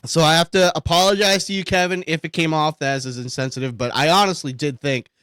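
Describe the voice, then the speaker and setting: A man's voice: fairly high pitch, steady tone, fast, a bit bright, clean tone, no room sound. A man co-hosting a casual podcast, rambling and joking, poking fun at himself and swearing freely. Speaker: podcast co-host.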